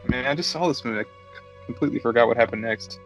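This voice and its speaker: Male podcast co-host, casual, profane, animated when retelling scenes. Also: medium pitch, brisk, music in the background. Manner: laughing, swearing, animated retellings. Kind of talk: casual chat.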